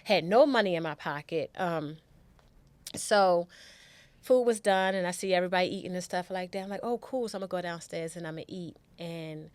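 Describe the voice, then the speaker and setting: A middle-aged woman speaks as a podcast guest in a slightly low voice, recounting her own story with raw, candid emotion. She often doubles back on her words. The sound is close and dry, with no room around it. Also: a little fast, a little mellow, clean tone, no room sound. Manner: candid, emotional, repeats words, acts out quotes.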